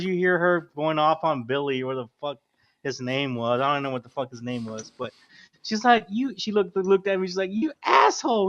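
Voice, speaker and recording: A fairly high-pitched man telling a party story on a podcast, loose and animated, swearing and saying "dude" all the time. The sound is dull and lo-fi, like a cheap mic. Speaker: podcast host. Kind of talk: casual chat.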